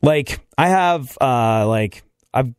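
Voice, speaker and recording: A man's voice: medium pitch, lively intonation, slow pace, clear, resonant tone, dry recording, clean studio sound. A man hosting a radio show in casual chat, joking, laughing often and rambling.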